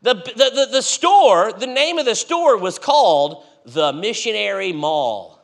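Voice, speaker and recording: A man preaching in a church, telling a story with animated swings between loud and hushed delivery. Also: sits high, unhurried. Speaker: guest preacher. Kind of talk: storytelling sermon.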